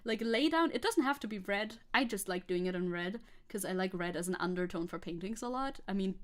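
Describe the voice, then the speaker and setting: A woman's voice: mid-range voice, lively intonation, a little fast. A young woman streamer chatting casually and rambling while she paints, swearing now and then. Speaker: VTuber streamer.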